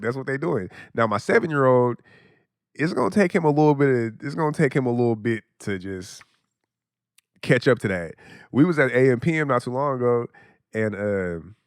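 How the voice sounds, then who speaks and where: A man's voice: medium pitch, clear, resonant tone, no room sound, clean studio sound. A young adult man hosting a podcast, talking in a blunt, profane, casual monologue and laughing often. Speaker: podcast host.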